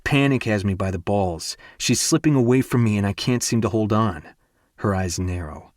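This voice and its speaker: A young man reads a first-person romance audiobook in a low, grounded voice. His delivery is intense and candid, with blunt, profane inner thoughts. The recording is dry and close, with no room around it. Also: moderate pace, a little mellow, no echo. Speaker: audiobook narrator.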